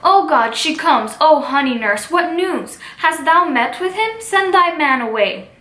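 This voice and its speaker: An eager, lovesick teenage girl, read aloud by a woman in a high, bright voice. She talks as if reading straight from the script, with little put-on change. The sound is roomy and echoey. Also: lively intonation, unhurried, full character voice.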